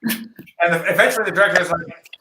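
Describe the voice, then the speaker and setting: A man's voice: sits high, a little fast, vocal fry, reverberant, a little hiss or hum, low-quality recording. A man, an improv comedian, chatting casually on a video call and acting out the lines in his stories. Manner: animated storyteller, acts out quoted lines.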